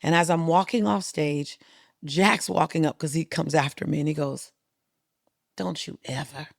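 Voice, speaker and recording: A middle-aged woman telling a story as a guest in a podcast interview, lively and acting out the voices of the people she quotes. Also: sits low, moderate pace, vocal fry, dry recording, clean studio sound. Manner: animated, acts out quoted voices. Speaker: guest speaker.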